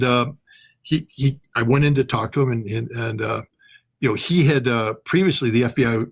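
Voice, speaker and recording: A man's voice: fairly low pitch, breathy edge. A man in his sixties, a former weapons inspector, telling long stories as a guest in an interview, with many fillers and restarts. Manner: animated anecdotal storytelling with many fillers. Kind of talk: storytelling interview answer.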